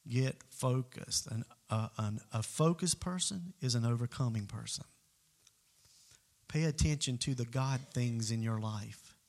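A man preaching a sermon as pastor, emphatic, moving between loud calls to the congregation and quiet asides. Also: medium pitch, a little slow.

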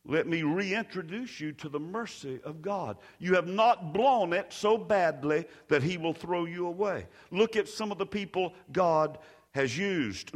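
Pastor, high voice, slow emphatic sermon, leads call-and-response. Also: male voice. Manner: emphatic preaching.

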